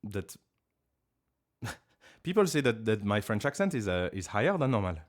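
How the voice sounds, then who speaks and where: Chatty low-voiced man streaming. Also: big pitch swings, moderate pace. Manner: rambling, self-mocking, with sudden loud high outbursts. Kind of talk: casual live-stream chat. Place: living room at home.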